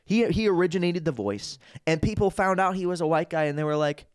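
A man's voice: high-pitched, fairly quick, clear, resonant tone, no echo. A man guesting on a podcast as a comedian and impressionist, talking in an earnest, opinionated way that wanders off on tangents. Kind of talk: casual podcast chat.

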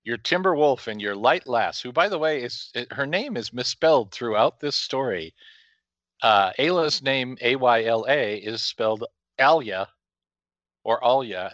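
A man's voice: mid-range voice, expressive, a little slow, fairly bright tone, no room sound, lo-fi sound. A man co-hosting a casual comic-book podcast, explaining story details and laughing easily. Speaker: podcast co-host.

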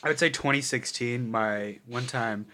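A man's voice: mid-range voice, moderate pace, bright, forceful tone. A young man on a podcast, telling an easygoing story in a casual chat with some hesitation.

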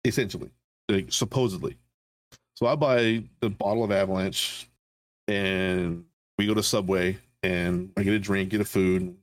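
A man's voice: low-pitched, steady tone, normal speed, no room sound, clean studio sound. A middle-aged military veteran co-hosting a podcast, telling stories in casual, profane chat and often laughing at his own punchlines.

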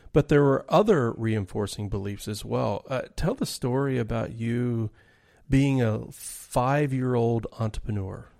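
Male podcast co-host, mid pitch, gravelly, conversational, asks questions. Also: darkish tone, no echo, studio quality. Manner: conversational, prompting the guest with questions.

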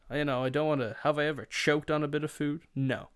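A man's voice: a little high, steady tone, fast, few pauses, smooth. A young man hosting a podcast, telling rambling, sweary comedic stories and slipping into put-on voices. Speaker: podcast host. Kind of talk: casual comedic storytelling.

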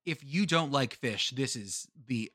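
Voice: medium pitch, lively intonation, measured pace, fairly bright tone, no room sound, studio quality. A podcast host in casual banter, rambling and joking, swearing freely.

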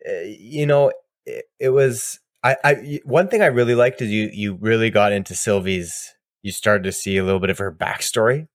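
A man co-hosting a podcast in casual chat, excitable and rambling, often laughing and restarting his sentences. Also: on the low side, moderate pace, dry recording, studio quality. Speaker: podcast co-host.

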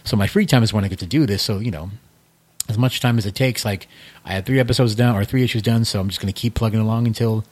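A man in his thirties, a guest in a casual podcast chat, talking in a relaxed, rambling way with many fillers. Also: on the low side, fast talker. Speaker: guest, comic creator.

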